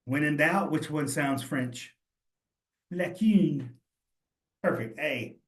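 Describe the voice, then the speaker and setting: A cheese instructor speaks at a slow pace in a voice on the high side during a live study session. Talking directly to his students, he thinks aloud in a friendly, encouraging tone, recorded with roomy echo.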